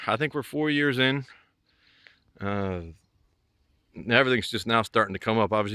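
A man's voice: fairly low pitch, a bit bright, clear, resonant tone, dry recording. A middle-aged man from the American South giving a rambling, casual walking tour of his homestead outdoors, with many fillers and restarts. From Southern United States. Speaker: homesteader vlogger.

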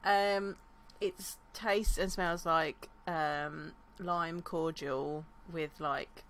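A woman's voice: deep voice, fairly even intonation, a bit bright. A woman co-hosting a podcast, easygoing and casual in her chat. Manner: easygoing, quick reactions. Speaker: podcast co-host.

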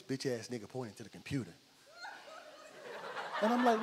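A man's voice: medium pitch, brisk, pauses often, long reverb tail, background noise. A middle-aged man from New Jersey doing a stand-up set in a club, acting out both sides of every exchange as he tells his stories. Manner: animated storytelling, acts out both sides of each exchange. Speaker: stand-up comedian. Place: comedy club stage with audience.

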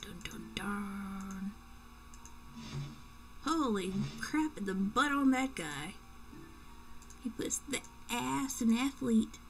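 A young woman narrating her game at an unhurried pace, chatty and joking, often dropping into playful whispered asides. Her voice sits a little high, with a faint hum and hiss behind it at home. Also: lively intonation. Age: young adult. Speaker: let's play gamer. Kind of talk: casual gameplay commentary. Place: home room at night.

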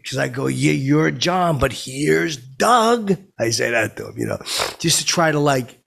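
In this improvised bit, a male podcast host plays a bragging, oblivious middle-aged man who calls himself by name in the third person. The voice sits on the high side, animated, gravelly and fairly bright, deliberately exaggerated. It's a rambling, halting monologue stuffed with fillers and "blah, blah."

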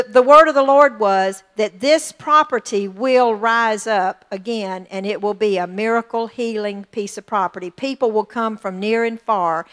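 Woman pastor, middle-aged, high-pitched, fired-up call-and-response preaching. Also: fairly bright tone. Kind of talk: sermon.

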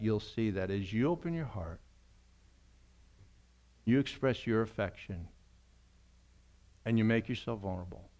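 A man's voice: fairly low pitch, darkish tone. Earnest man preaching a sermon. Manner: earnest, conversational preaching with repeated phrases. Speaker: pastor. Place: church sanctuary.

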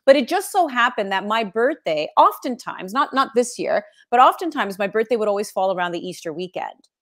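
A middle-aged woman from Canada who works as a sportscaster, chatting as a guest. She tells stories with energy and laughs often. Her voice has a medium pitch for a woman. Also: brisk. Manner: animated storytelling, laughs often. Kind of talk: casual interview chat.

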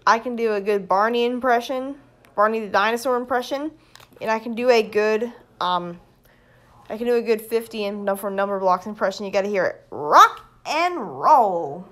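A woman, vlogging casually at home and excitedly showing things off to her phone camera. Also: a little high, a little fast. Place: indoors at home.

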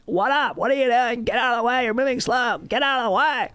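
Man doing a high, taunting teenage skater boy with a mocking drawl. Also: quick pace, pushed and bright, clear, resonant tone, dry recording. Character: obnoxious male teenage skater, taunting and rude.

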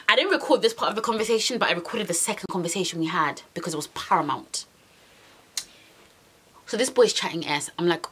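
A woman's voice: on the low side, fast, fairly bright tone, slightly rough. A young British woman telling a dramatic story in an exasperated, slang-heavy way. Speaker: vlogger. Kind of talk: storytime monologue.

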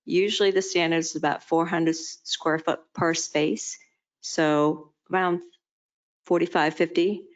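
A woman with a lowish voice answers the board tentatively, hedging every figure she gives. She speaks in a municipal meeting room. The audio is slightly muffled. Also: steady tone, measured pace. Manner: tentative, qualifies her estimate. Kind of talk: impromptu technical answer.

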